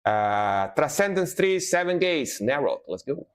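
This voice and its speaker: A man's voice: a little high, very animated, a little slow, smooth. Laid-back man chatting on a stream. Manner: laid-back, loose, repeats words and adds "you know". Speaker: music reaction streamer. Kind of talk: casual live-stream chat.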